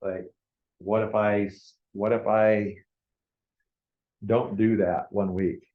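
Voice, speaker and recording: A man's voice: on the low side, little pitch movement, takes it slowly. A man presenting a business planning workshop in a casual lecture style, often checking in with the group as he talks. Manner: conversational, keeps checking in with the group. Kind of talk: informal classroom lecture. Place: meeting room with a live audience. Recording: echoey lo-fi room recording.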